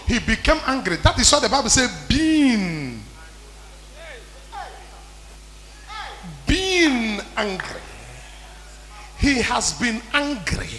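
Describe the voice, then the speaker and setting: High-pitched preacher in a reverberant hall. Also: male voice. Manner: impassioned, repetitive, call-and-response preaching that builds to shouting. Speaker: pastor. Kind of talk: sermon.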